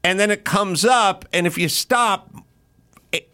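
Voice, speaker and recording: A man telling a story in casual podcast chat, animated and profane, acting out what he said in the moment. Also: sits high, measured pace, clean tone. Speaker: comedian guest.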